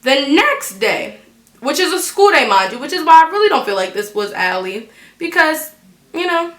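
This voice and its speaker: A teenage girl telling a storytime on her vlog, animated and blunt, swearing freely. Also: sits high, normal speed, roomy sound. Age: teens. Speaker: vlogger.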